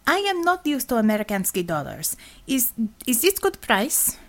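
A woman's voice: a little high, sing-song, moderate pace, voice pushed up. A woman voicing a zealous Russian woman commissar who speaks in clipped English without articles, with a Russian accent. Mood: unsure.

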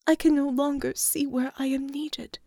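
A woman voicing a sorrowful, humble female angel in a slow, hushed whisper, reading a storybook. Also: sits high, little pitch movement, dry recording, studio quality.

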